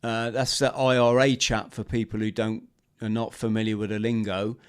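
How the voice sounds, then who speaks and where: A man, a former marine guest on a podcast, telling a lively story and acting out the shouts, talking over a video call. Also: fairly low pitch, moderate pace, smooth. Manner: animated storyteller, acts out shouted quotes. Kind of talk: storytelling interview.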